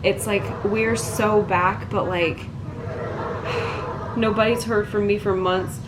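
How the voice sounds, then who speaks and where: A woman's voice: medium pitch, steady tone, slow, noisy background. A young woman vlogger chatting casually while she crafts, gushing and filling her talk with "like" and sighs. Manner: gushing, filler-heavy, breathy sighs.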